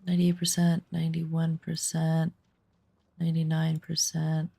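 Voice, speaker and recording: A woman's voice: sits low, completely flat delivery, a little slow, vocal fry, warm tone, slightly rough, dry recording. A woman gamer chatting casually while she plays, rambling through stories and murmuring to herself. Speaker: gaming streamer. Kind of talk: casual chat while gaming.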